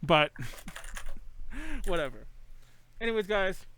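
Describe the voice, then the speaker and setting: A man's voice: high-pitched, big pitch swings, slow, bright, forceful tone, a little hiss or hum. A man hosting a casual podcast over an online call, rambling and correcting himself with frequent laughs. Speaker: podcast host. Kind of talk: casual chat. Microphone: home computer mic on an online call.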